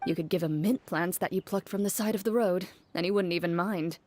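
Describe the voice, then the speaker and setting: A woman voicing a calm, reserved woman in a game who speaks in a level, matter-of-fact way. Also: fairly low pitch, a little fast, no echo, lightly acted. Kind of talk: game voice acting.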